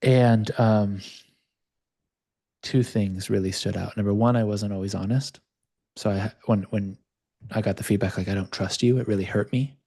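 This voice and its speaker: Calm, low-voiced male coach on a call. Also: moderate pace, pauses often. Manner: calm, reflective, speaks of own past openly. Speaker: live session host and coach. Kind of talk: coaching on a live video call. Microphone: video call.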